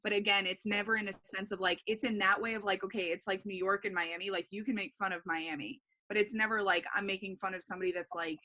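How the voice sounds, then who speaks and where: A woman's voice: mid-range voice, steady tone, quick pace, hardly any pauses, sharp tone. A young adult woman, an improv student, talking earnestly in a class discussion and saying "like" often. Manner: chatty, full of "like", earnest.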